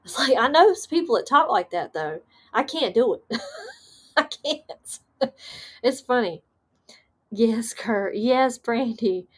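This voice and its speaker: A slow-talking woman from the Southern United States hosts a live paranormal stream, her fairly high voice expressive as she reads live comments. She's laid-back and chatty, laughs easily, and leans on plenty of fillers.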